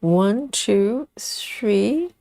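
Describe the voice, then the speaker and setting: A woman's voice: medium pitch, expressive, drawn-out words, gravelly, mellow, no room sound, clean studio sound. A woman hosting a craft livestream, chatting casually while she reads viewers' comments aloud, often laughing and repeating words as she thinks. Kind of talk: casual chat reading live comments.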